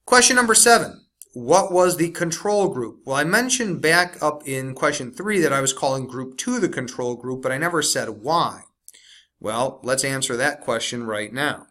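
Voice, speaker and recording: A man teaching science, walking through a worksheet step by step and slowing down to stress key words. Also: medium pitch, lively intonation, bright, forceful tone. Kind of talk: recorded classroom lesson walkthrough.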